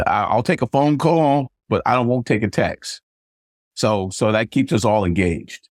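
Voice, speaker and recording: A man's voice: mid-range voice, unhurried, no echo, studio quality. An older man, a retired army sergeant major, being interviewed and telling family stories, acting out the dialogue. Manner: animated storyteller acting out quoted dialogue. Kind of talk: casual storytelling interview.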